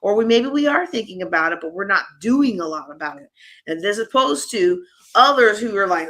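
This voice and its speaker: A woman presenting a live conference workshop, talking in a lively, conversational way straight to her audience. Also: medium pitch, brisk.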